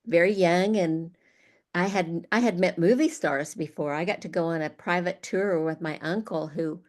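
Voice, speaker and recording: An older woman guest, retired, telling lively stories from her career and laughing often. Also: fairly low pitch, moderate pace. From Arizona, USA. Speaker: guest speaker. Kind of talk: storytelling.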